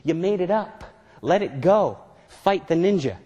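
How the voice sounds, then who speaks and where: A man's voice: high voice, lively intonation, measured pace, dark tone, breathy edge, lo-fi sound. A man giving a motivational seminar as a management consultant, playful and constantly quizzing his audience with questions. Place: lecture hall with audience. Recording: long hall reverb.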